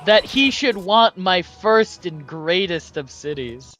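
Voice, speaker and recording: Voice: mid-range voice, animated, slow pace, hardly any pauses, fairly bright tone, soft background music. A gamer giving casual gameplay commentary, breaking into melodramatic mock laments, yelps, swearing and laughter at setbacks. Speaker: strategy game streamer.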